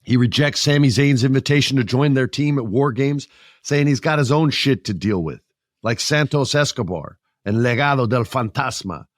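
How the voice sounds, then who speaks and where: A middle-aged man hosting a podcast, chatting about wrestling in a lively, joking way. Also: mid-range voice, normal speed, dry recording, studio quality. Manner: animated, joking, puts on voices. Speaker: podcast host. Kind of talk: casual wrestling chat.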